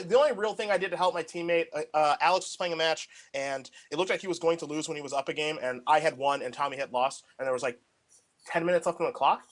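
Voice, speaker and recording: A man's voice: a little high, a bit bright. A young man co-hosting a casual chat, telling rambling anecdotes packed with filler words. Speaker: podcast co-host.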